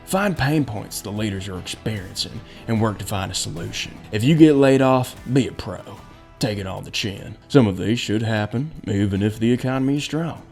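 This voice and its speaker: A man's voice: on the low side, moderate pace, vocal fry, a little mellow, soft background music. A man doing a preachy southern boss. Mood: lecturing. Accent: attempted American Southern. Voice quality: preachy, commanding. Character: stern lecturing southern businessman.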